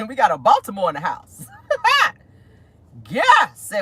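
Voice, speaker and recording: A woman hosting a casual celebrity gossip show from inside a car, sassy and animated, calling her listeners honey and girl. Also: medium pitch, a little slow, breathy edge, dry recording. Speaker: host of a gossip talk show.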